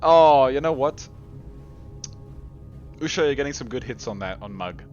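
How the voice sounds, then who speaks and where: A man's voice: medium pitch, animated, normal speed, a little mellow, lo-fi sound. A man giving live commentary on a game tournament, reading chat aloud and joking with viewers, laughing often. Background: faint game music.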